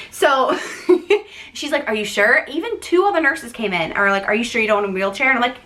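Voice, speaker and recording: A young woman vlogger telling a long personal story in a chatty, animated way, acting out what others said. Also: a little high, a little fast. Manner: chatty, animated, acts out quoted voices. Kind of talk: casual storytelling to camera.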